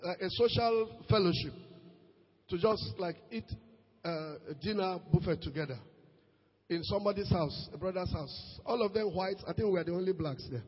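A Nigerian man preaching a sermon as pastor, swinging between shouted peaks and low asides, slipping into Pidgin. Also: normal speed, husky, big-room sound, muffled recording. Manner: preaches with sudden shouted rises and quiet drops, mixes in Pidgin.

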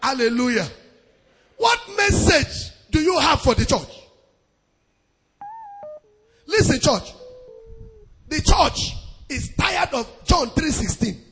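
High-voiced, unhurried preacher. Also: male voice, sing-song, slight background noise. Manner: fervent, sing-song preaching with shouted hallelujahs; repeats phrases for emphasis. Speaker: pastor. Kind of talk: sermon.

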